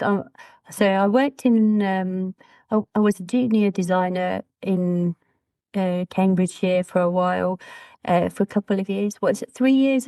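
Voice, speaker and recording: A woman's voice: mid-range voice, smooth, dry recording. A woman, a brand designer telling stories as an interview guest and acting out the voices in them. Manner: chatty, animated quoting of dialogue. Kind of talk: casual interview storytelling.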